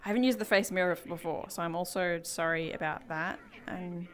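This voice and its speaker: A woman's voice: fairly low pitch, fairly even intonation, a little fast, slight background noise. A woman with an Australian accent chatting on her stream, giggly and apologetic as she sets up. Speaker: streamer and role-player. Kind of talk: casual stream chat.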